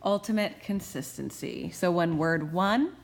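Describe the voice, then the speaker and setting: Slow, low-voiced woman professor. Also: animated, vocal fry. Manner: slow, careful explaining with playful asides. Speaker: Greek professor. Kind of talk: recorded grammar tutorial.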